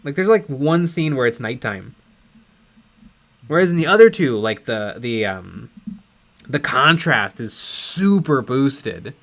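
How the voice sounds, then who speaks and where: Here's a very animated male co-host on a late-night miniature-painting stream, talking slowly in a mid-range, fairly bright voice. He rambles through stories in casual chat, slipping into different voices along the way.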